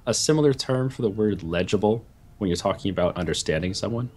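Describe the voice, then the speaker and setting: A man chatting during a multiplayer game, animated and stumbling over his words as he tells stories. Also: fairly low pitch, quick pace. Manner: animated storyteller, stumbles and restarts. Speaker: game co-player. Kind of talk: casual chat while gaming.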